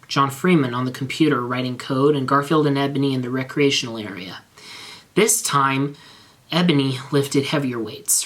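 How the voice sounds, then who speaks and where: A man's voice: mid-range voice, fairly bright tone. Man reading fan fiction, straight-faced. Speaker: channel host reading fan fiction aloud.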